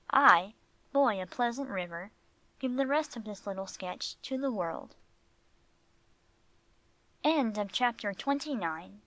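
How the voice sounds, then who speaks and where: A woman's voice: on the high side, sharp tone, dry recording, low-quality recording. Woman narrating an audiobook, dry sound. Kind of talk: scripted narration.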